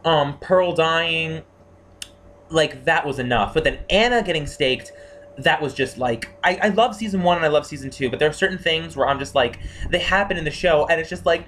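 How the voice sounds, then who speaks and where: Man, casual talk review, excitable, gushing, lots of fillers, light hiss behind. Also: a little high, a little fast. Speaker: TV series reviewer.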